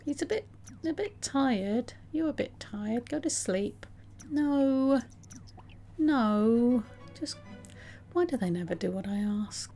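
A woman's voice: fairly high pitch, animated, slow, pauses often, warm tone, faint music behind. A woman giving casual, chatty commentary on her game, talking to her characters and laughing often. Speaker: let's play host.

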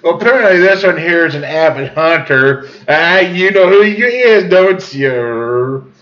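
A man's voice: a little high, animated, unhurried, a bit bright. A man, rambling through a folksy tall tale and chuckling on tangents. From southern Missouri. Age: 40s. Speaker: storyteller. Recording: dull lo-fi recording.

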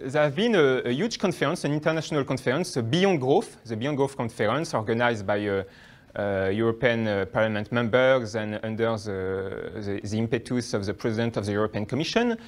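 A young French-accented man lectures to a class in a mid-pitched voice. He speaks haltingly, filling gaps with "uh" and restarting his phrases as he builds his points. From France. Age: young adult. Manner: hesitant, many fillers and restarts. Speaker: guest lecturer. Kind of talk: academic talk.

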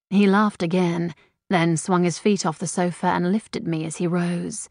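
An audiobook narrator with a low, gravelly, slightly mellow voice reads a first-person romance at a measured pace and in a level tone. The recording is dry with clean studio sound.

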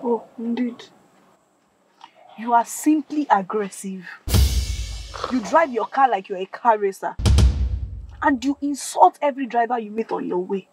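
A woman acting as a composed young girlfriend in a film drama, speaking firmly and reproachfully with a slightly high voice. Faint music sits behind her. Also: unhurried, pauses often, rough recording. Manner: calm, firm and reproachful.

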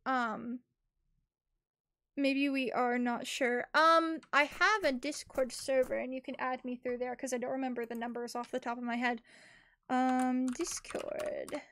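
A young adult woman with a high, fairly bright voice streams a game and chats bubbly with her viewers as she plays, offering casual commentary. The sound is clean studio quality with no room sound, and faint game music runs behind her.

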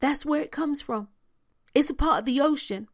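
A woman's voice: high voice, moderate pace. A woman giving a motivational talk to her viewers, repeating key phrases with emphasis and sometimes dropping almost to a whisper. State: hiccuping. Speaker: spiritual coach.

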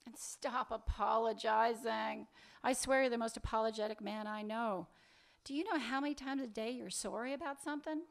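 A man's voice: very high voice, normal speed, vocal fry. A man reading fiction aloud, voicing a weary, sarcastic woman who keeps brushing off her lover in a dry, teasing way. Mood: wry.

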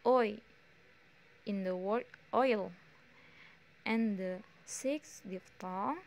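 A young woman with an Indonesian accent, a student slowly reading her pronunciation exam answers with frequent pauses and fillers. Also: mid-range voice. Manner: slow, halting delivery with many pauses and fillers.

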